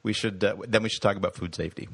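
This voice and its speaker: A man's voice: on the low side, steady tone, very fast, gravelly, a bit bright, slightly rough, dry recording. A man from upstate New York co-hosting a podcast in casual chat, rambling with many restarts and fillers. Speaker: podcast co-host.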